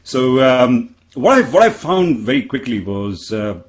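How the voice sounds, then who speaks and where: A man's voice: mid-range voice, sing-song, a little slow. An earnest man with an Indian accent speaks on a panel in an ordinary mid-range voice. He keeps restarting his sentences and pokes fun at himself as he makes his points. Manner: earnest, self-deprecating, frequent restarts. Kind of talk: panel discussion answer.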